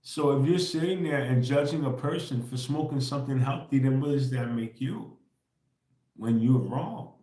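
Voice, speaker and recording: In an echoey room, a livestream host with a medium-pitched, dark voice talks at a moderate pace with hardly any pauses and fairly even intonation. His casual spiritual rant is slangy, profane and repetitive, punctuated by laughs and a constant "right?"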